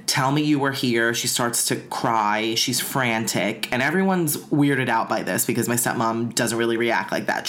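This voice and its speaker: Very deep-voiced woman telling a spooky story. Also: a bit bright. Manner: chatty, frequent "like" fillers. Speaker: podcast co-host telling a story.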